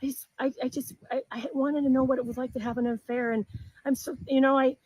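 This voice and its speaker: A woman quoting her remorseful husband in a stammering, pleading way, a little higher than her own talk. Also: level tone, fast, a little mellow, no echo, poor audio.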